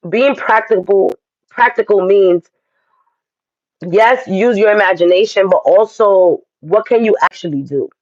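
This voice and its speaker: A man's voice: high-pitched, measured pace, dry recording, lo-fi sound. Chatty man giving a spiritual reading. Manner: chatty, direct, addresses viewers as y'all. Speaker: astrology and tarot reader. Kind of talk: casual spiritual reading to viewers.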